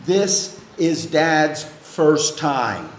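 A man preaching a sermon to his congregation in a church, earnest and measured, with pauses between phrases. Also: fairly high pitch, very animated, a little hiss or hum. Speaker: pastor. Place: church sanctuary. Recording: echoey church room, faint ambience.

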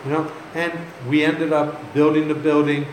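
A man with a slightly high, even voice speaks at a normal pace, with a little hiss or hum in the background. He's a pastor telling stories in a sermon, folksy and joking, laughing at his own tales. The room is echoey with faint ambient sound.

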